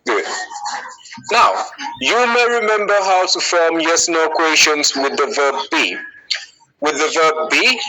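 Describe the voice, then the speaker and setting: Male English teacher with a cutting, bright voice, pitched slightly high. Patient, stops often to check understanding. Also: low-quality recording. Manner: reads example sentences slowly and clearly. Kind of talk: live English grammar lesson.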